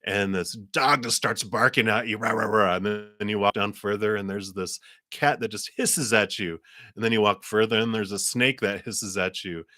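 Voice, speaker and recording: A man's voice: fairly low pitch, moderate pace, bright, forceful tone, no room sound, studio quality. A man giving a live tarot reading, talking in a rambling, meandering way full of fillers. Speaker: tarot reader.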